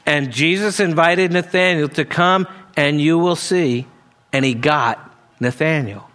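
A man with a high-pitched voice delivers a sermon, teaching earnestly through a scripture passage verse by verse. He reads the verses aloud and breaks into conversational asides. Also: unhurried, fairly bright tone. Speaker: preacher.

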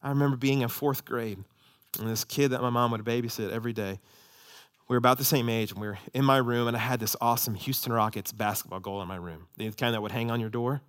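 A man preaching a sermon, impassioned, swinging from loud emphatic peaks to low hushed asides. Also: fairly even intonation, fast talker. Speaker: pastor.

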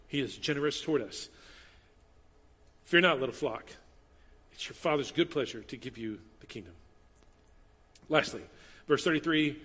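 A man preaches with a bright, forceful voice pitched a little high, his delivery animated as he swings between loud emphasis and quiet, close asides. The sound carries a long reverb, as though filling a large church hall. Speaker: pastor. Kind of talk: sermon.

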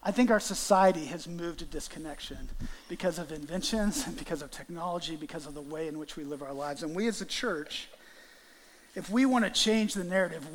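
Animated high-pitched preacher man. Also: long reverb tail. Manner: animated, acts out greetings with volunteers. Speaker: guest preacher. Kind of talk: sermon with live illustration. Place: church sanctuary.

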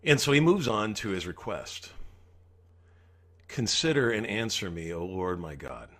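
A man's voice: lowish voice, animated, measured pace, fairly bright tone. A man preaching a sermon as pastor, earnestly acting out the psalmist's pleas.

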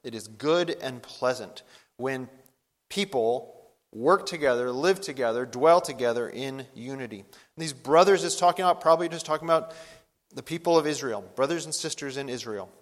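A man preaching a sermon as a pastor. He talks earnestly, gets louder and higher for emphasis, and slows down when he reads scripture. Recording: long hall reverb.

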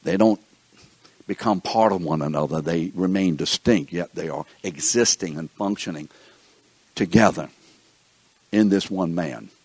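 Low, husky-voiced man teaching a class. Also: a little slow, long pauses, a little mellow, no echo. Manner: keeps checking in with the class; thinks aloud, with restarts and asides. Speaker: Bible study teacher.

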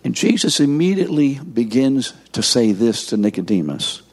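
A middle-aged man preaching, teaching in a deliberate way and prompting the audience to fill in words. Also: medium pitch, very animated, a little mellow. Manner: slow, deliberate emphasis. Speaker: pastor teaching a course session. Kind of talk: sermon.

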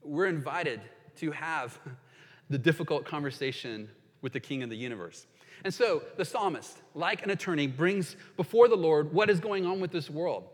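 A man's voice: on the high side, animated, normal speed, husky, in a large hall. A man preaching a sermon as a pastor, earnest and reading scripture aloud with emphasis.

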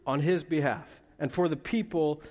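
A man preaching from the pulpit, his voice sitting a little high for a man. He moves between earnest points and playful asides to the congregation, and the sound rings with a long hall reverb. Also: normal speed, darkish tone. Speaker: pastor. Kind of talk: sermon. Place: church hall.

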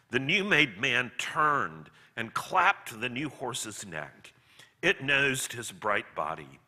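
Male reader-teacher, animated intonation, bright husky tone. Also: medium pitch. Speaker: Bible teacher reading aloud. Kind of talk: book reading with sermon commentary.

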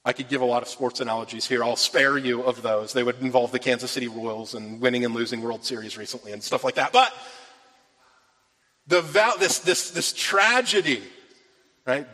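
A pastor of medium pitch and normal pace, his tone pushed and bright, earnestly preaches a scripture-based sermon and lifts his voice on key lines. His words ring out with the long reverb of a spacious hall.

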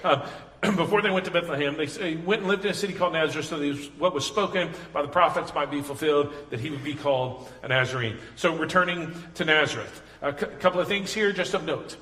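A man delivers a sermon in a conversational, earnest way that builds into emphatic passion. His voice sits a bit high and bright with a forceful edge. A long hall reverb trails each phrase, as from a big church sanctuary. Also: quick pace. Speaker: pastor.

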